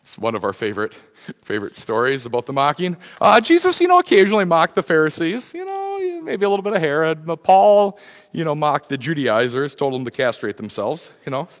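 A pastor preaching a conversational sermon, often restarting phrases and filling pauses with "uh" and "you know.". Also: male voice, on the high side, wildly swooping pitch. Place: church sanctuary. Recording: reverberant church hall.

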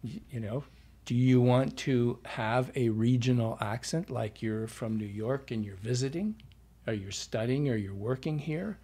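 A middle-aged man with a husky, slightly rough voice talks about his work as a dialect coach. He tells casual stories in an interview, acting out his own past lines in quotes. His pitch sits in an ordinary male middle range. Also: unhurried. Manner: animated anecdotes, quoting himself and others.

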